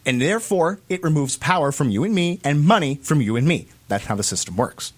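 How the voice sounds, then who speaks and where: A man's voice: on the high side, expressive, fairly quick. A man from the United States giving opinionated political commentary as co-host, emphatic and repeating phrases for stress.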